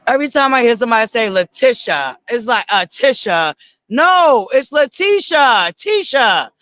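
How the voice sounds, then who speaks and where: Livestream host, male, very high and bright, sassy and profane, animated casual commentary. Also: normal speed, no room sound. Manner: animated, sassy, swearing often, given to laughing and digressing. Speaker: livestream host reviewing reality TV.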